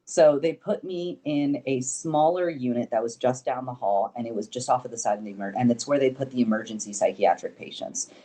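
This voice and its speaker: A young man, a podcast guest, telling stories in casual chat, animated and swearing freely. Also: medium pitch, brisk, hardly any pauses. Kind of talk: casual storytelling.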